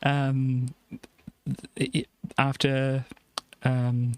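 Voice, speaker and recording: A man's voice: mid-range voice, monotone, very slow, darkish tone, clean tone. A man streamer chatting casually on a live stream, rambling with lots of restarts and giggles.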